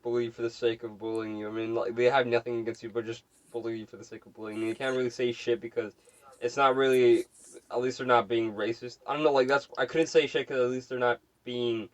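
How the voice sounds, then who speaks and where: A young man co-hosting a podcast from home, talking in halting casual chat, often restarting and repeating himself. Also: mid-range voice, fairly even intonation. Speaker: podcast co-host.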